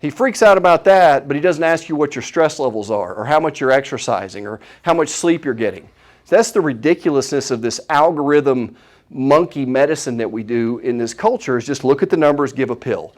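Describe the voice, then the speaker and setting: Animated man lecturing on health. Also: medium pitch, brisk. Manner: animated, opinionated, asks the audience questions. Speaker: chiropractor giving a health talk. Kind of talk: live seminar talk to an audience.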